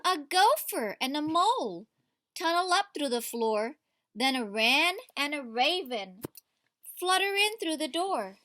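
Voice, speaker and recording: Woman, teacher, reading a storybook aloud to kids, expressive, asks questions, slow delivery. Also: sits high. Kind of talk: reading a picture book aloud to children.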